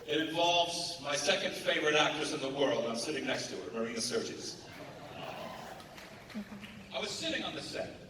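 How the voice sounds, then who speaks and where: A man on a convention panel, telling playful, animated stories to a live audience. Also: fairly high pitch, normal speed, long pauses. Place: large convention hall. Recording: echoey hall, mic heard from far off. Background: audience noise.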